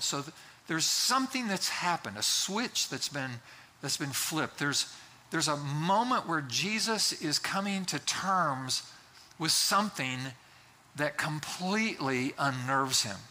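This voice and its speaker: A man's voice: fairly high pitch, pushed and bright. A man preaching a sermon in a conversational way, with fillers and restarts. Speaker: pastor.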